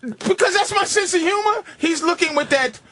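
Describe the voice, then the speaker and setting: A man on a radio talk show telling animated stories, swearing and doing loud asides. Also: extremely high pitch, moderate pace, no room sound. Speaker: comedian guest. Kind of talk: casual radio chat.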